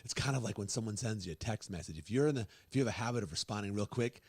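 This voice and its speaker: A man's voice: on the low side, animated, very fast, a little mellow, slightly rough, no echo. A man co-hosting a casual talk show, chatty and easygoing. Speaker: co-host. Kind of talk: casual chat.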